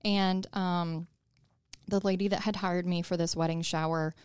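Smooth-voiced chatty woman telling a story. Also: fairly low pitch, steady tone, a little slow, darkish tone, dry recording, studio quality. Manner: chatty, many fillers and "like"s. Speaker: small business owner, interview guest. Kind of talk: casual storytelling in an interview.

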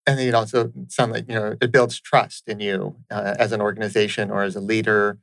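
A man's voice: on the low side, little pitch movement, a little fast, vocal fry, a bit bright, no room sound, poor audio. A man hosting a conversational interview, earnest and affirming, often checking in with "right?". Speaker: interviewer host.

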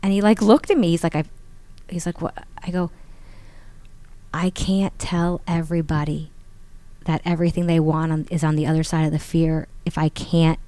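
A woman in her forties tells a story in an animated, casual way and acts out other people's lines. Her voice sits on the low side. The sound is close and dry. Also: moderate pace, no room sound. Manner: animated, acts out quotes with rising pitch. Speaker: guest.

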